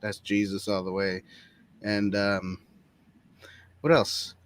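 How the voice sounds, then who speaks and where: A man co-hosting a casual movie-review podcast, playful and laughing often between halting remarks. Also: fairly low pitch, completely flat delivery. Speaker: podcast co-host. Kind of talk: casual chat. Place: studio booth.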